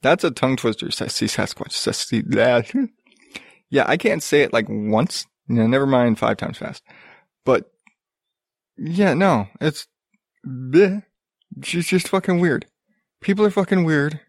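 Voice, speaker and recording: A man's voice: on the high side, normal speed, no echo, clean studio sound. A man hosting a podcast, ranting in a profane, exasperated and sarcastic way. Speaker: podcast host. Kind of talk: ranting casual commentary.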